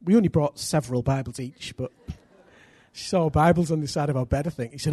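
A middle-aged man from England, preaching a sermon full of personal stories, energetic and self-deprecating with bursts of loud emphasis. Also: on the high side, fairly quick, breathy edge, no echo.

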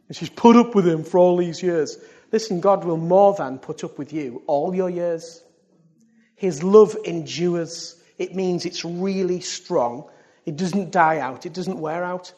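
A man preaching to his congregation with a fairly high voice. He swings from loud, rising calls to quiet, hushed asides, and he keeps throwing questions out to the room. The delivery is lively and direct. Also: measured pace. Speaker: pastor. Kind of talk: sermon. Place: church service.

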